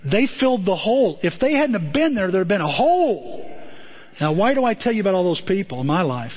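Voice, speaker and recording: Husky man giving an animated talk. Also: sits high, a little fast, muffled recording. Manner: animated, addresses listeners by name. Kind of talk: motivational talk to a group.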